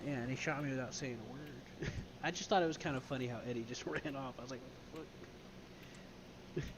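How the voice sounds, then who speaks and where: A man chatting casually, recounting a game scene in an animated way, swearing often and acting out quoted lines. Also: medium pitch, brisk, noisy background. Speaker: streamer in role-play game.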